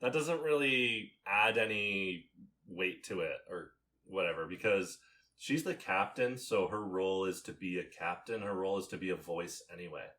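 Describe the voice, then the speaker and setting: A man's voice: sits low, normal speed, pushed and bright. A man from Canada co-hosting a casual movie podcast, rambling with lots of fillers and swearing. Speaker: podcast co-host. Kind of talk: casual movie review chat.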